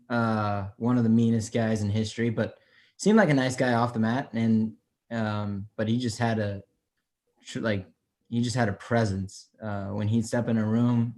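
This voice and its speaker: A young man with an ordinary mid-range voice speaks earnestly and with open enthusiasm. His talk is casual podcast chat, a little halting with uhs. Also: mid-range voice, warm tone. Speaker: podcast co-host.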